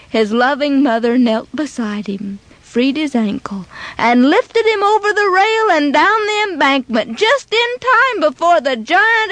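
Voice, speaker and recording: A woman narrating a children's moral story in a dramatic, expressive way. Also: high voice, no room sound.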